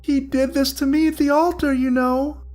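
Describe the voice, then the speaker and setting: A man's voice: very high-pitched, level tone, moderate pace, darkish tone, pitched above the performer's own voice. A man playing a wailing ghost bride. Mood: grieving. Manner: strained, melodious, full of pain. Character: wailing ghostly corpse bride, grief-stricken and vengeful.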